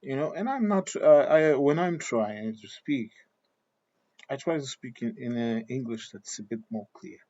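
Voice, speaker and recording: A man, an English speaker, giving his views in a thoughtful monologue and pausing to find his words. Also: mid-range voice, expressive, warm tone. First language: Portuguese. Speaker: vlogger. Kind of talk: opinion monologue. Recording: dull lo-fi recording.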